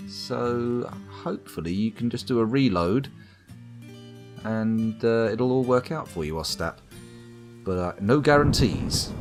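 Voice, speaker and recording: A man from the UK giving wry, rambling live commentary on a game while chatting to viewers. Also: mid-range voice. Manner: wry, rambling, talks to chat. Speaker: streamer. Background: faint background music.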